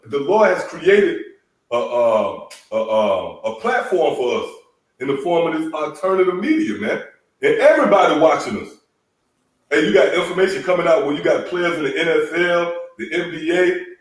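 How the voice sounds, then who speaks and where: A man preaching through a scripture lesson with emphatic calls and a slightly high voice. He is heard from a distance in a very echoey room. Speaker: teacher leading a scripture lesson.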